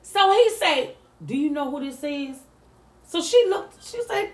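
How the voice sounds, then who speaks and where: Animated high-voiced woman telling a story. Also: a little slow, roomy sound. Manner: lively, animated retelling with voiced quotes. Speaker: mother telling her story. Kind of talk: emotional storytelling.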